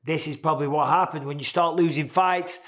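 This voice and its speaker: A man's voice: a little high, steady tone, fairly quick, a bit bright. A man in his forties hosting a casual, candid sports commentary, chatty and swearing now and then. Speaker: host.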